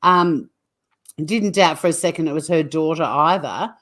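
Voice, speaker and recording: A woman, co-hosting a comedy news show and telling stories in a lively, teasing way. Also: deep voice, normal speed. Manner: animated, teasing storyteller. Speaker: co-host. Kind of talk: casual comedic news chat.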